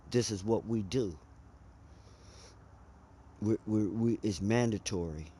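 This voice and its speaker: A man's voice: medium pitch, dark tone, husky. A man, telling a personal story in a conversational, emphatic way. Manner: conversational, emphatic, drawls and speeds up.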